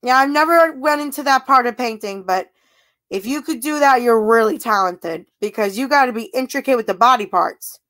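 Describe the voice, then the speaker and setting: A livestream host with a somewhat high, slightly bright voice chats casually at a moderate pace. She reads out viewer comments, giggles and laughs often, and thanks her viewers.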